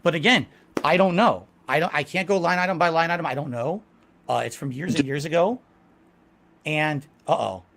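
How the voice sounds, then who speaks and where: A man's voice: a little high, normal speed, gravelly, fairly bright tone. A man answering interview questions over a video call, hesitant and evasive, restarting his sentences often. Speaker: interview guest, streamer.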